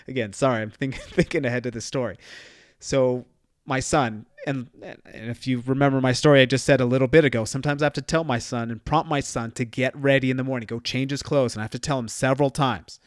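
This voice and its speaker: Podcast dad guy in his 30s chatting about his kid, mid pitch, super dry close mic. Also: steady tone, fairly quick, no echo. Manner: conversational storytelling with quoted dialogue. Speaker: podcast host. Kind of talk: solo podcast talk.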